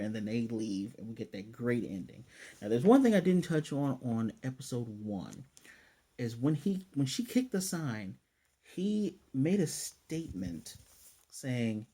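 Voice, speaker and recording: A man's voice: medium pitch, a little slow, dark tone. A man casually recapping anime episodes, rambling loosely and checking his notes aloud. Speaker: anime reviewer.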